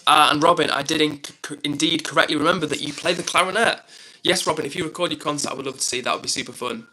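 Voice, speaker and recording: Young man, live streamer, casual chat, upbeat, thanks viewers, bright voice. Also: a little high, steady tone, quick pace, faint music behind, rough recording. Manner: chatty, upbeat, self-deprecating, thanks viewers often.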